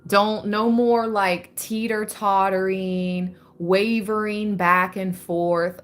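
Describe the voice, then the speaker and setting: A woman giving a spiritual card reading. She reads the messages slowly and with emphasis, then slips into casual asides. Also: medium pitch, fairly even intonation. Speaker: tarot reader.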